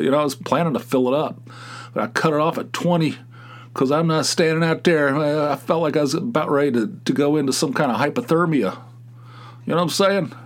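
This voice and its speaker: A middle-aged man from Pennsylvania talks alone into his podcast mic, his voice sitting at an ordinary middle pitch. He rambles and complains in loose casual chat, often restarting his sentences and tossing in "you know.". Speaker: podcast host. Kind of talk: casual solo podcast monologue.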